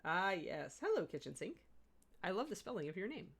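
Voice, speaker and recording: A woman's voice: on the low side, big pitch swings, brisk, vocal fry, a bit bright, breathy edge. A middle-aged woman giving a live miniature painting demo, chatting and laughing with her viewers as she works. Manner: chatty, rambling, laughs often.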